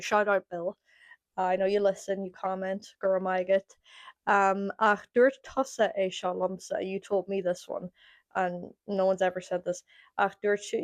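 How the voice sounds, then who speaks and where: A woman's voice: medium pitch, fairly even intonation, moderate pace, no room sound. Chatty Irish woman podcast host. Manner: chatty, demonstrating word pronunciations. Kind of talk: casual chat.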